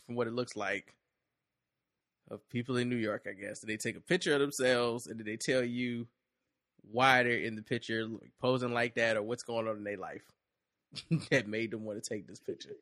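A man's voice: mid-range voice, normal speed, pushed and bright, dry recording, clean studio sound. A man hosting a casual podcast, laughing often and talking in loose slang while he reads a story aloud. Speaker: podcast host.

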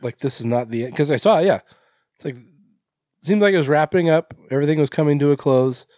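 A man's voice: a little high, brisk, dark tone, dry recording, studio quality. A man co-hosting a podcast, chatting casually about a film with short agreeing replies and some swearing. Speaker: podcast co-host. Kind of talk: casual chat reviewing a film.

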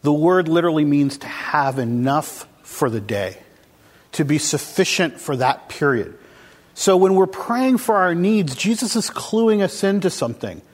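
A man's voice: a little high, husky. A man preaching a casual, conversational sermon to a congregation, asking them questions as he goes. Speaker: pastor. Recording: long hall reverb.

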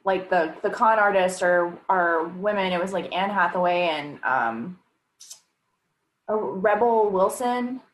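A woman co-hosting a podcast in casual chat, chatty and quick to laugh. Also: on the low side, a little hiss or hum. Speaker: podcast co-host. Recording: echoey room.

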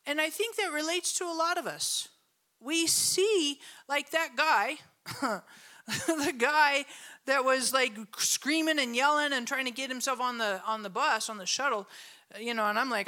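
A middle-aged woman pastor giving a conversational sermon, telling stories with lots of laughter and asking the audience questions. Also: high-pitched. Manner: storytelling, animated, laughs often, asks the audience questions.

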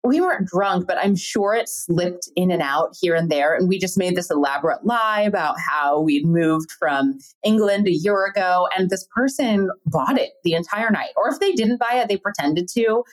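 A woman from the United States hosting a podcast, chatty and quick to laugh while asking questions. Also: lowish voice, expressive, poor audio. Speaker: podcast host. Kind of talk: casual interview chat.

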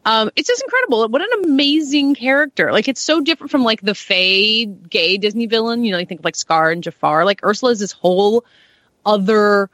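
A woman's voice: on the high side, lively intonation, fairly quick, fairly bright tone, no echo. A woman co-hosting a podcast, chatting enthusiastically and saying "like" often. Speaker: podcast co-host. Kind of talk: casual chat.

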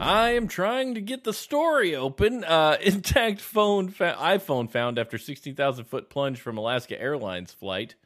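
A man in a loose podcast conversation who laughs through his stories. He acts out little quotes with big jumps in his voice, sitting a bit higher than most men, reading news aloud in a relaxed way. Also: normal speed, few pauses, faint music behind. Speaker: podcast co-host. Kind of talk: casual chat.

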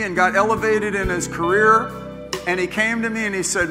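A man's voice: high voice, fairly even intonation, normal speed, in a large hall, music in the background. An older man preaching a sermon as pastor, folksy and joking, often repeating himself. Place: church sanctuary.

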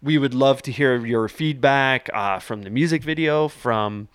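A man's voice: mid-range voice, a little slow, clear, resonant tone, dry recording. A man hosting a podcast in loose, joking casual chat, swearing and laughing often. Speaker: podcast host.

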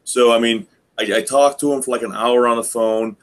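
Man, podcast co-host, casual chat, rambling anecdotes, mimics people, middle pitch. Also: fairly even intonation, brisk.

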